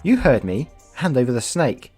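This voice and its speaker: A man's voice: medium pitch, big pitch swings, a little mellow, slightly rough, faint music behind. A man putting on a rude entitled mother. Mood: demanding. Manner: demanding, dismissive, slow sneering. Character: rude entitled pushy middle-aged mother.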